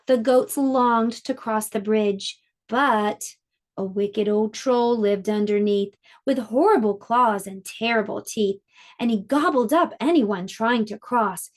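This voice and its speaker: A woman teaching a preschool lesson online, explaining a science activity and reading a storybook aloud to small children. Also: fairly high pitch. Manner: sing-song and slow, explaining to small children.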